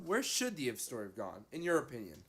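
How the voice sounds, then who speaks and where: A young man co-hosting a drinking book podcast, excitable and reacting with quick comments. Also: mid-range voice, a crowd in the background. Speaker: podcast co-host. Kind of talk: drunk casual chat.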